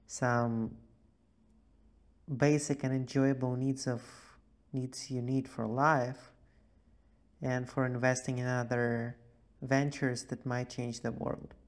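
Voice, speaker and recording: Man in casual voice notes, unhurried cowboy drawl, tongue-in-cheek banter. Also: mid-range voice, little pitch movement. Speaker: group chat member. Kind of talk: casual voice messages.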